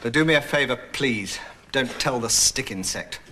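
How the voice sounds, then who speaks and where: A man's voice: mid-range voice, expressive, normal speed, very noisy, natural voice. An actor playing a grumpy, hungry man on a diet, complaining in exaggerated outbursts in a sitcom. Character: grumpy dieting middle-aged man. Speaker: dieting neighbour and friend. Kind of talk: sitcom acting. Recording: loud studio audience laughter.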